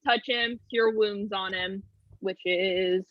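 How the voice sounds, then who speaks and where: A woman's voice: mid-range voice, fairly even intonation, slow pace, no room sound, highs cut off. A woman playing a tabletop game, thinking aloud with hesitant fillers. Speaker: player. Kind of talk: casual tabletop play.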